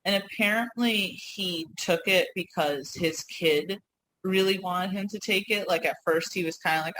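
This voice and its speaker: A woman's voice: lowish voice, normal speed, a bit bright, a little hiss or hum, rough recording. A woman with a New York accent co-hosting a casual podcast, telling rambling stories with frequent laughs and apologetic asides. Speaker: co-host.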